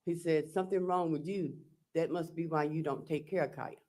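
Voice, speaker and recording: A woman testifying as a defendant in court. She reads text messages aloud in a slow, halting, plain-spoken way, recounting each exchange with "I said" and "he said.". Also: deep voice, fairly even intonation, dark tone.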